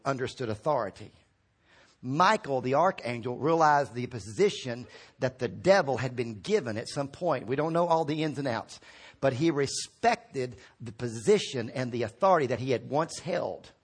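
A man pastor preaching a teaching sermon, swinging from quiet explanation to sudden shouting. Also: high-pitched, breathy edge.

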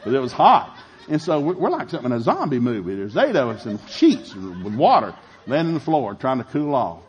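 A middle-aged man preaching a sermon, telling a family story with animated, shouted retellings. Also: medium pitch, fairly quick. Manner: animated, shouting in acted-out scenes, laughing. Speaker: pastor.

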